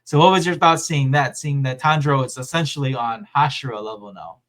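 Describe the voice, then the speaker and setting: A man's voice: mid-range voice, fairly quick, a bit bright. Rambling casual male podcast host. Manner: rambling, filler-heavy recap with acted-out quotes.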